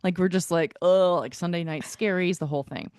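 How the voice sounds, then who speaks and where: A woman's voice: lowish voice, a little fast, a little mellow, no room sound, studio quality. A woman co-hosting a podcast, telling stories in casual chat, filling her talk with "like". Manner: chatty storyteller, filler-heavy "like". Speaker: podcast co-host.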